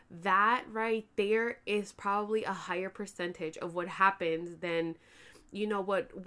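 A pregnant, tired woman vlogs to camera, chatting casually with her viewers in an animated way and swearing freely. Her voice is mid-range.

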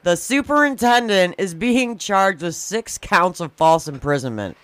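A woman's voice: fairly low pitch, animated, measured pace, no echo. A woman co-hosting a podcast, talking bluntly and laughing often between lines. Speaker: podcast co-host. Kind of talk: casual chat, storytelling.

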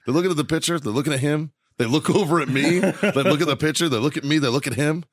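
A man's voice: a little high, fast talker, no echo, studio quality. A middle-aged man, a podcast co-host, telling a profane story in a laughing, casual way.

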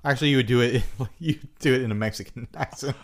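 A man's voice: mid-range voice, fast talker, slight background noise. A man co-hosting a podcast in casual chat, joking and teasing his friend. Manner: joking, teasing, mock-indignant. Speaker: podcast co-host.

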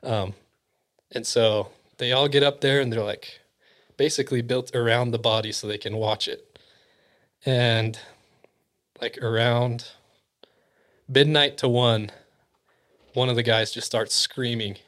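A man at an average pitch tells an eerie tale in a relaxed, chatty way. He acts out the people in the story and often sinks to a soft, hushed near-whisper. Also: measured pace, long pauses. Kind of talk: casual spooky storytelling.

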